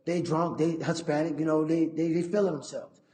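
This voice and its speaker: Raised-pitch man telling a story in an echoey room. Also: fairly quick. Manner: profane, animated, acts out his own past lines. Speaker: interview guest, fighter. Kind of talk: casual storytelling.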